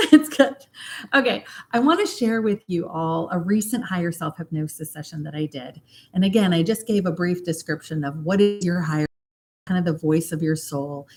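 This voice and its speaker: A middle-aged woman hypnotherapist talking casually to her livestream viewers, chatty and animated, slowing down to stress a point. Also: medium pitch. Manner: chatty and animated, slows down for emphasis.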